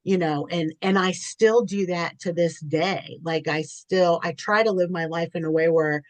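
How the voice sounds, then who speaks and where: Middle-aged female guest; earnest, rambling storyteller with a low-set voice. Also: steady tone, a little slow, no room sound. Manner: earnest and chatty, with frequent restarts. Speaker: podcast guest. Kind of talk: candid personal storytelling.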